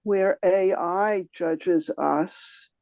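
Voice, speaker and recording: A woman in casual group chat, talking slowly and hesitantly with wry asides. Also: fairly low pitch, no echo, lo-fi sound. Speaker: regular panelist.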